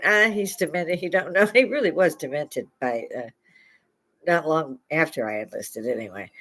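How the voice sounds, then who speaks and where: An older woman from Chicago hosting a live stream, telling rambling stories into a lapel mic and often laughing mid-sentence. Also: deep voice. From Chicago, USA. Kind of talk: casual storytelling chat.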